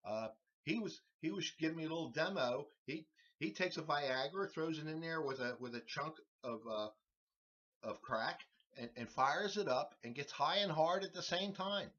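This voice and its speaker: A man hosting a comedy show, delivering a rambling deadpan monologue full of restarts and "all right"s. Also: a little high, moderate pace. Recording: dull lo-fi recording.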